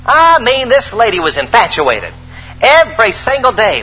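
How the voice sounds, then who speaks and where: A man preaching a sermon, reading scripture aloud with animated, folksy, emphatic asides to the congregation. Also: very high voice, normal speed, husky, big-room sound, faint music behind, rough recording.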